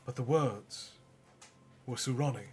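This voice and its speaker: A man voicing a measured, careful noble. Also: medium pitch, darkish tone, husky.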